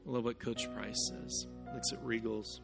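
A male pastor preaching a sermon, who tells a story in animated, sometimes loud bursts. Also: medium pitch, moderate pace, vocal fry. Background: guitar music.

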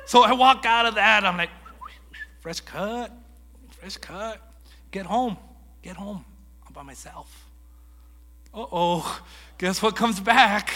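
A man preaching a sermon in a lively storytelling way, acting out conversations as he goes. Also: high voice, takes it slowly, pauses often, in a large hall. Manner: animated storytelling, acts out dialogue. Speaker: guest preacher.

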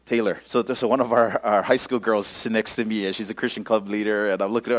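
A man's voice: fairly low pitch, steady tone, fast, few pauses. A male pastor telling a personal story in a casual sermon, using lots of local slang.

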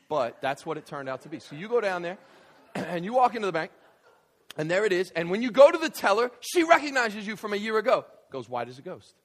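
A male pastor preaches in church with a fairly high, very lively voice. He tells stories with animated energy and swings between conversational asides and emphatic, shouted points. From Southern United States. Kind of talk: sermon.

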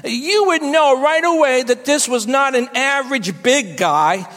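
A woman pastor delivering a sermon to her church, with slow, emphatic preaching and repetition for effect. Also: high voice, expressive, a bit bright, big-room sound.

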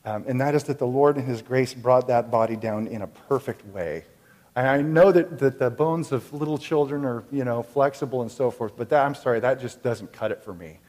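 A man telling a personal faith story in an earnest, reflective way, with many halting restarts. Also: mid-range voice, darkish tone, big-room sound.

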